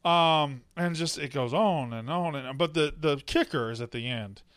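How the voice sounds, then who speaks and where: A man co-hosting a casual movie review chat, rambling and acting out scenes with loud impressions. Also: on the high side, normal speed, dry recording, clean studio sound. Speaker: podcast co-host.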